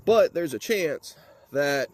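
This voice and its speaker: This vlogger has a highish, expressive voice and a slow pace. He launches into an angry rant at his audience, full of swearing and threats, before turning to relaxed talk about the truck he's working on.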